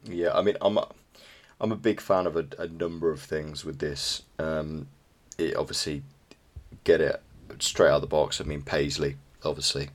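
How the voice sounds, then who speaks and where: A man's voice: very deep voice, fairly even intonation, moderate pace. A man co-hosting a podcast, chatting enthusiastically and rambling about sneakers, swearing casually. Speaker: podcast co-host.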